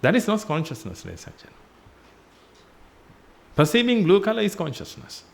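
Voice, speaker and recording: His voice is high and gravelly, the pitch swooping wildly as he moves at a brisk clip. In a temple hall he gives a Buddhist sermon built on repetition and rhetorical questions, dropping his voice to address his "ladies and gentlemen."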